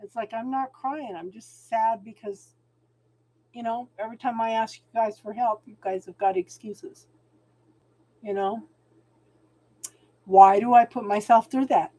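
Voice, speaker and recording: A woman's voice: a little high, steady tone, unhurried, pauses often, dark tone. A middle-aged woman hosting a spiritual channel, chatting casually on a livestream and talking to viewers by name.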